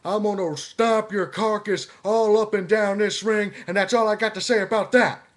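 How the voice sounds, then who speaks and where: A man doing an impression of a loud, brash wrestler with a drawl, trash-talking aggressively. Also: high voice, fairly even intonation, normal speed, voice pushed up, natural voice.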